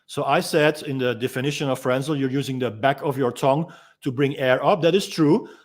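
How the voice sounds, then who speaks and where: A male freediving instructor with a mid-range voice explains and demonstrates techniques, calm and gentle, never rushed. Dutch is his first language, and he pauses frequently with ums.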